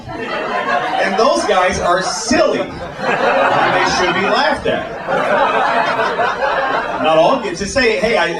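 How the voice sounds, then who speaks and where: A man doing a crude stand-up set, heard from a distance in a roomy club, with roaring laughter behind him. His pitch swings a lot, from flat mutters to sudden loud bursts. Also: very noisy. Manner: crude, deadpan then bursting into shouted mock voices. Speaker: stand-up comedian. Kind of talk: stand-up routine. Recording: roomy live club sound from far off. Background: loud audience laughter.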